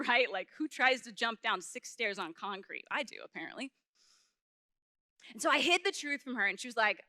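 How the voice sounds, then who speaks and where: A young woman speaks at a youth conference, storytelling with animation and acting out each quoted line. Her voice is bright and a bit high. The sound is dry and close. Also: dry recording. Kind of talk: storytelling faith talk.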